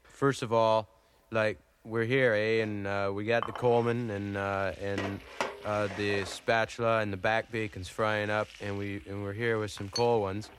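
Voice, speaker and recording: An actor playing a dim, easily flustered Canadian hoser on a comedy album, rambling and bickering with lots of fillers in a Canadian accent. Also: male voice, fairly low pitch, level tone, measured pace, noisy background, close to an everyday voice. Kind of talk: improvised comedy album sketch.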